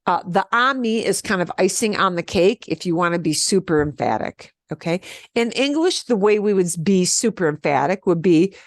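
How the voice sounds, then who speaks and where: A woman's voice: fairly low pitch, lively intonation, moderate pace, dry recording. A woman teaching a beginners' Spanish class over a video call, explaining patiently and checking in with "okay?" often.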